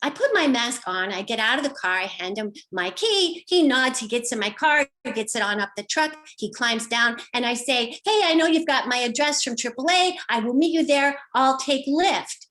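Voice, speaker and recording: A woman's voice: on the high side, animated, normal speed, hardly any pauses, fairly bright tone. A middle-aged woman performing a personal story with wry, dry humor, slipping into quoted voices now and then. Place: home, online show.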